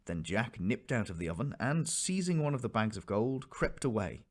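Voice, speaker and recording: A man narrating a classic fairy tale aloud in a measured, expressive reading. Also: fairly low pitch. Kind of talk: storybook reading.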